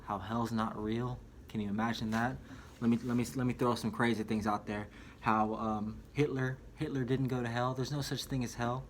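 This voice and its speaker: With a fairly low voice and a little hiss or hum on the recording, a young vlogger rambles chattily about a book in a casual spoken review. He keeps calling the viewer "dude" or "man."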